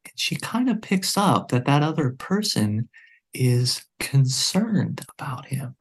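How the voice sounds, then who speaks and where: A man guest on a podcast, telling a story in conversation in an earnest, measured way. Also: medium pitch, very animated, slightly rough.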